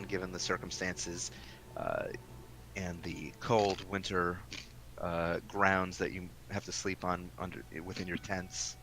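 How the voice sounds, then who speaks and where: Low bright-voiced man as game master. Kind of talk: narrating a tabletop game.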